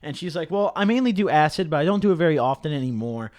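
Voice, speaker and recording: A young man telling a story on his vlog in a casual, animated way, swearing often and dropping low and quiet when he quotes himself. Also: fast talker, dry recording, clean studio sound. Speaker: YouTuber.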